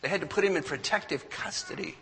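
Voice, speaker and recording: Bright-voiced man telling a story in a hall. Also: high-pitched, quick pace. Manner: animated storyteller, acts out quotes. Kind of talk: storytelling talk to an audience.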